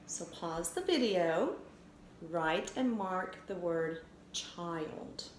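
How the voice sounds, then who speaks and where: Slow, careful woman teaching phonics. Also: fairly low pitch, lively intonation. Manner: slow, clear, sounding out letters. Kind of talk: recorded phonics lesson for children. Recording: echoey room with faint noise.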